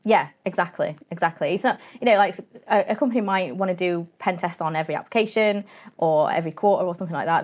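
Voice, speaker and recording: In a relaxed, plainspoken interview, the guest, a female cybersecurity CEO, describes her work and voices little bits of dialogue as she goes. She has a fairly low, slightly mellow voice.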